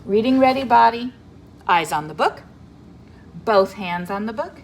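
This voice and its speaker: A woman teacher giving a video reading lesson to young children and their parents, in an animated, sing-song voice with playful character voices. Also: a little high, unhurried, slight background noise.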